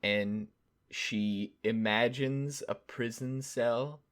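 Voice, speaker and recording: A man's voice: mid-range voice, steady tone, extremely slow, a bit bright, smooth. A man co-hosting a casual movie review podcast, recapping the plot in a laid-back, dry way. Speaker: podcast co-host. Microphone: edits the recording himself.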